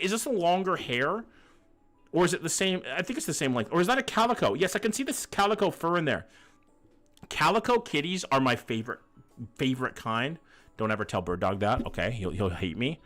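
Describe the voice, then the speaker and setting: Reacting to viewers' pet pictures during a casual livestream, this man speaks at a medium pitch with a slightly bright tone. His banter is relaxed, full of jokes and plenty of cursing, over faint background music.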